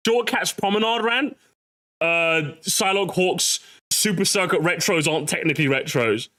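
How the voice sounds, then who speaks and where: A young man streaming, reacting to a video with excitable, mocking commentary, laughing often and swearing. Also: high voice, moderate pace.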